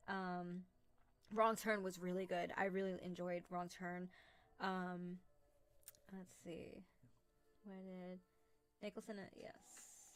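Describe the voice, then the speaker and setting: A woman's voice: fairly low pitch, little pitch movement, takes it slowly, pauses often. Young woman, chatty live-stream talk, rambling with fillers, home desk mic. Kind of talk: casual live-stream chat.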